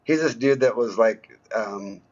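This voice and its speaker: A male musician guest talking casually about his songs in an easygoing, halting way, full of ums. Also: medium pitch, darkish tone, lo-fi sound. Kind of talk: casual interview talk.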